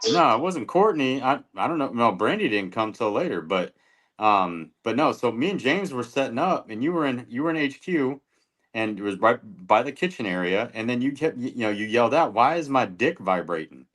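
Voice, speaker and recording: A man's voice: medium pitch, expressive, brisk, fairly bright tone. A man who investigates the paranormal, a podcast guest recounting events in a laid-back, chatty way. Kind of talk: casual podcast chat.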